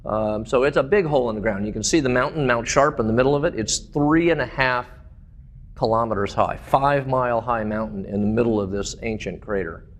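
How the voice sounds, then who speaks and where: A man with a mid-range voice gives a public talk about slides. He tells stories enthusiastically and often pauses on uhs and ums. His sentences sometimes restart before he finishes them. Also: mid-range voice. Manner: enthusiastic storytelling with fillers. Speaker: presenter.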